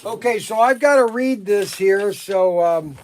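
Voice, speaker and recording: A man's voice: sits high, unhurried, a little mellow. Dry-humored man reading an email aloud. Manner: dry, teasing, explains in detail. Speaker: livestream co-host.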